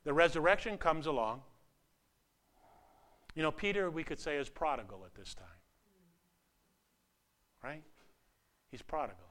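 An older man preaching a sermon in a conversational, animated way, asking the audience questions and swinging from emphatic peaks to hushed asides. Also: a little high, measured pace, long pauses.

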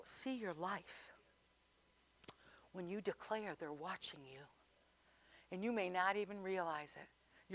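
A woman preaching a sermon, moving between hushed, intimate passages and loud, impassioned declarations. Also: lowish voice.

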